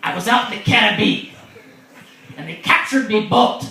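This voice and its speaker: A young performer putting on the voice of a boastful old male pirate with gruff pirate talk, heard in an echoey room from far off. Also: mid-range voice, moderate pace, pushed and bright, voice pushed up.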